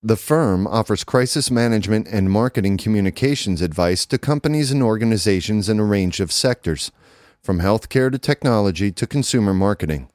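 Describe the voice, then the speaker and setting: A man reading a business news feature aloud in a measured, even newsreader manner. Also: fairly low pitch, no echo, studio quality. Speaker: narrator reading an article. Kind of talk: scripted read-aloud narration.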